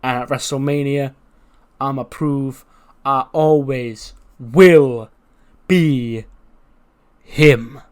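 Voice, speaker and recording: A man's voice: mid-range voice, clean tone. A man doing a cocky young wrestler taunting. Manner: taunting, drawn-out emphasis.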